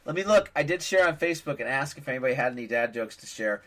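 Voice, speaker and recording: A man's voice: mid-range voice, expressive, fast, a bit bright. A man in his forties hosting a casual family podcast, a rambling joke-telling dad who pokes fun at himself. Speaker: podcast host and father.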